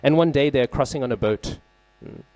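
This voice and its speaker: A man giving a scripture class at a temple, telling a story in a conversational way, often asking "right?" and pausing to search for names and terms. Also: medium pitch, a little mellow, no echo. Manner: conversational, frequent "right?" check-ins and fillers. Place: temple hall.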